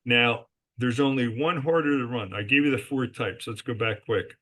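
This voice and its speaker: Forceful, emphatic man telling business stories. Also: mid-range voice, normal speed. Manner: emphatic, answers his own rhetorical questions. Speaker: guest, resort company executive. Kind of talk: podcast interview storytelling.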